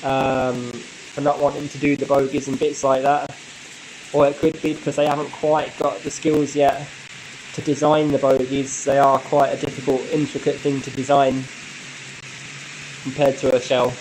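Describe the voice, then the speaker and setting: A man hosting a casual live stream, chatting in a relaxed way and answering viewer comments with frequent light laughs. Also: medium pitch, normal speed, slight background noise, rough recording. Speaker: model railway channel host.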